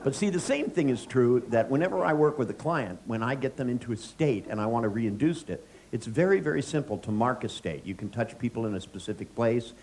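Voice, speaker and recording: A man's voice: mid-range voice, lively intonation, a little fast, few pauses, a little mellow, slight background noise. A middle-aged man, a therapist, giving a live seminar lecture, joking, telling anecdotes and quizzing the audience. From United States.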